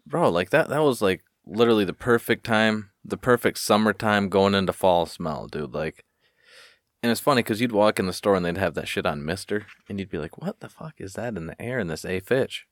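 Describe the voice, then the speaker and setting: A man's voice: lowish voice, expressive, a little fast, no room sound, studio quality. A man hosting a podcast, laid-back and profane in casual chat, laughing often. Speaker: podcast host.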